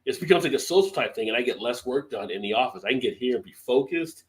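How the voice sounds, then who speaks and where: A man's voice: mid-range voice, animated, fast. A man hosting a live stream, chatting casually and loosely, swearing and laughing often. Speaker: beer channel host.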